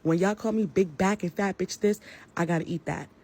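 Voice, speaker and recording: Husky woman ranting heatedly. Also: on the low side, brisk, darkish tone. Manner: heated, profane, confrontational. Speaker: social media personality. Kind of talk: angry rant to camera.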